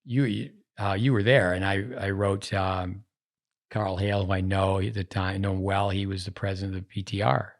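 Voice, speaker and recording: A male podcast host chats casually, rambling and digressing from one story to the next. His voice sits low, with little pitch movement and a normal speed.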